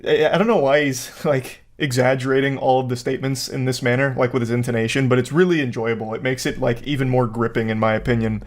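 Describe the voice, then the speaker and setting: Male commentary host, even mid voice, mock-serious rambling delivery. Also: mid-range voice, quick pace, few pauses. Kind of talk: casual video commentary. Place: Florida home.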